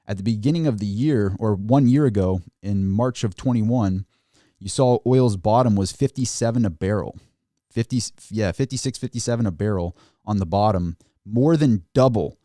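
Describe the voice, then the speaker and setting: Low-voiced man, live market commentary. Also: normal speed, dry recording, studio quality. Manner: animated, mocking asides in quoted voices. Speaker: finance channel host.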